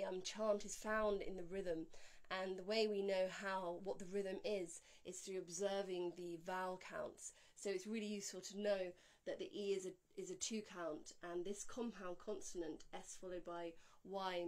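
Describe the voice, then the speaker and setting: Female teacher, medium pitch, calm and explanatory, giving a pronunciation lesson. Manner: calm, explanatory, slowing to a drawn-out chant on each Sanskrit word. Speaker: Sanskrit mantra teacher. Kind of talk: spoken pronunciation lesson with chanted examples.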